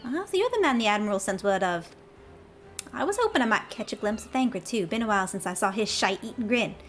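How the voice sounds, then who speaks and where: A woman's voice: mid-range voice, expressive, fast talker, slight background noise, natural voice. Woman putting on a brash Southern pirate boss. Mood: gruff teasing. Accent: put-on American Southern. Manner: gruff, bawdy, teasing. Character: brash rough-talking male pirate guild boss. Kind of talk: reading game dialogue aloud on a stream.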